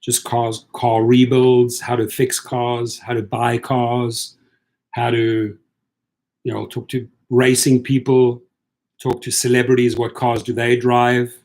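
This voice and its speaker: A man with a medium-pitched, slightly mellow voice speaks slowly in a completely flat delivery. He hosts a livestream for rideshare drivers, reading viewer comments and chatting casually. He sounds tired, talks loosely, repeats himself, and answers viewers one at a time.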